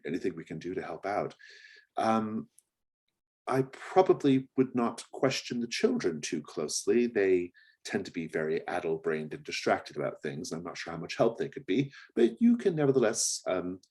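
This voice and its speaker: A man's voice: low voice, big pitch swings, moderate pace, a little mellow, husky, full character voice. A man voicing a prim, formal woman on a school's staff who speaks stiffly and hesitantly. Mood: polite, guarded.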